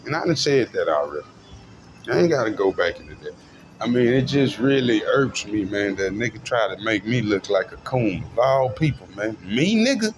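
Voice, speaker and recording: A man delivering a profane ranting monologue, his voice jumping between low mutters and sudden high outbursts, with a faint hum of traffic behind. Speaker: self-styled preacher vlogger.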